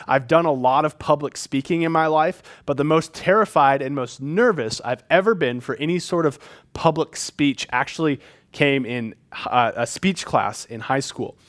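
A man preaching a sermon in a conversational, emphatic way, with frequent filler words. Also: medium pitch. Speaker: pastor.

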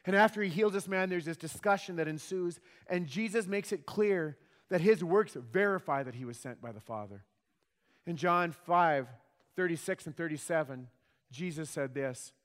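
A man preaching a sermon with emphatic delivery and rhetorical questions. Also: a little high. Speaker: pastor. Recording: long hall reverb.

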